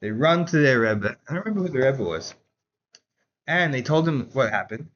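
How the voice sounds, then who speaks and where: A man teaching a Chassidus class in a casual, animated storytelling way, saying "like" often. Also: mid-range voice, normal speed, highs cut off, a little hiss or hum. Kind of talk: Torah class lecture with storytelling.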